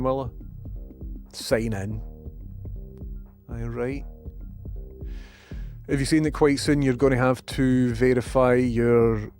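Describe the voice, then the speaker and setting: With a darkish tone and a voice in the middle range, this Scottish man chats to his live-stream viewers in a casual, rambling rant full of sarcasm and free swearing.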